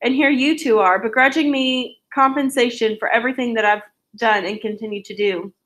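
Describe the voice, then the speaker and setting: Woman reading a bitter auntie, highish voice, sharp and accusing. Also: steady tone, normal speed, lightly acted. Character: bitter resentful middle-aged aunt.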